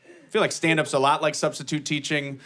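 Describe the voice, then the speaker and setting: A man in his thirties from Cleveland works a comedy club stage, his fairly high voice carrying a weary, dry, self-mocking edge. He speaks into a handheld mic. The live recording is thick with loud noise from the crowd around him. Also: level tone, fairly quick. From Cleveland, USA. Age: 30s. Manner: dry, self-deprecating, tired delivery. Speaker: stand-up comedian. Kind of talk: live stand-up set. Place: comedy club stage before a laughing audience.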